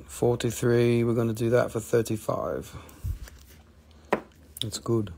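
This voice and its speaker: Gravelly-voiced man hosting a live sale. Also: medium pitch, darkish tone, slight background noise. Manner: enthusiastic, rambling, swears casually. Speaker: host selling rocks and minerals on a live stream. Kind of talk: casual live sales chat.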